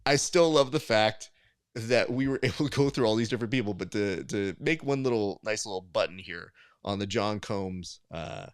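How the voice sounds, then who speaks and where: A man hosting a jiu-jitsu panel show, telling stories in an animated, self-mocking way. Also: on the low side, normal speed, clear, resonant tone, dry recording, clean studio sound. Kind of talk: casual panel chat.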